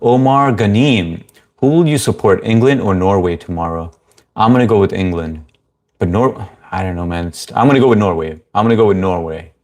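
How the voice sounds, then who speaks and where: Brief: male livestream host, lowish voice, easygoing chat, reads comments and greets viewers. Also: a little fast, a little mellow. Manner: easygoing, greets viewers by name, frequent fillers.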